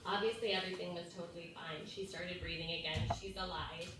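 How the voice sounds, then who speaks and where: A woman's voice: fairly low pitch, steady tone, a little fast, noisy background. A mother in her thirties telling a personal story in a conversational sermon, full of "like" and "right?". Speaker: youth ministry speaker. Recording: echoey hall from far off, faint ambience.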